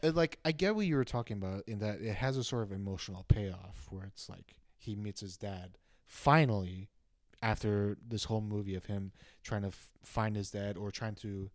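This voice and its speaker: A young man with a low voice talks through a movie review in casual podcast chat. He hesitates and restarts as he works out his thoughts. The sound is dry and close. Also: normal speed, no room sound. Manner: hesitant, restarts often, thinks aloud. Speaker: podcast co-host.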